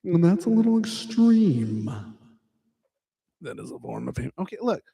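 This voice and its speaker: A man's voice: on the high side, very animated, normal speed, vocal fry, dark tone, husky, no room sound. A man hosting a casual livestream, playful and rambling, jumping into silly bits. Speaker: livestream host.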